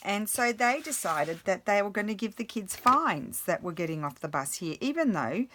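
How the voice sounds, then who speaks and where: A woman's voice: mid-range voice, lively intonation, moderate pace, fairly bright tone, slight background noise. A woman in her forties chatting casually about her day while crafting, rambling with many fillers and restarts. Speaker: craft vlogger.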